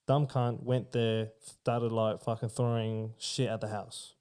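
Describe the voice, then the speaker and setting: An Australian podcast guest rambles through spooky stories in a casual chat, full of swearing and filler words. His voice is fairly low and slow, darkish and clean, with little pitch movement.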